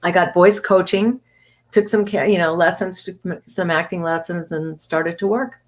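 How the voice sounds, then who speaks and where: A woman from New England talking as a voice actor guest in a casual interview, chatty and animated, laughing often. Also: fairly low pitch, normal speed.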